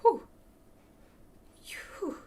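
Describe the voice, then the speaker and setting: A woman's voice: very slow, mellow, slight background noise. A woman hosting a charity livestream, chatting casually with viewers while she plays a game at her computer. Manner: chatty, talks to the chat while playing. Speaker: livestream host. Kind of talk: casual gameplay commentary.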